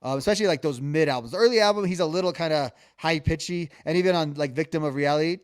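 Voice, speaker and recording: A man's voice: on the high side, fast, few pauses, clean tone, no room sound. Rambling man on a dry close mic. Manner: rambling, many restarts and fillers, hums melodies. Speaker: podcast co-host. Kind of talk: casual music discussion.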